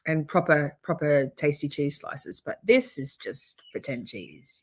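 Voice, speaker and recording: A woman's voice: deep voice, animated, a little slow, few pauses, slightly rough. A woman, hosting a casual livestream and chatting loosely as she reacts to trial footage. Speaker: livestream host. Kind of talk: casual live commentary.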